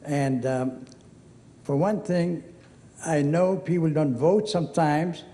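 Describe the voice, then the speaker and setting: An older man with a Lebanese accent tells stories in a mellow, relaxed voice, acting out both sides of old conversations. His speech rings out with the long reverb of a large hall. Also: fairly high pitch, slow. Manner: chatty storyteller, acts out quoted dialogue. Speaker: honoree giving acceptance speech. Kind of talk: anecdotal speech. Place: event hall.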